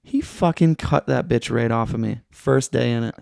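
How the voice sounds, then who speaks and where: Gravelly young man, laid-back rambling. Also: mid-range voice, moderate pace, few pauses, darkish tone, dry recording, clean studio sound. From Michigan. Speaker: podcast guest. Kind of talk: casual chat.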